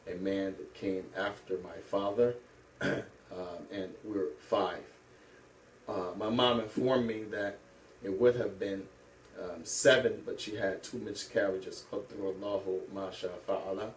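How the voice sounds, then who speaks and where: Unhurried man recalling his life story. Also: fairly low pitch, fairly even intonation, a little hiss or hum. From St. Louis, USA. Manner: unhurried, many hesitations. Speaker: Islamic teacher. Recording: echoey room, mic at a distance.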